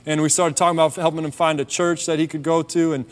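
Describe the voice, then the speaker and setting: Male preacher, fairly high voice, relaxed story-driven testimony, long reverb tail from a hall. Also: fast talker. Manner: relaxed storytelling, drops softer on key points. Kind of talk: conversational sermon testimony.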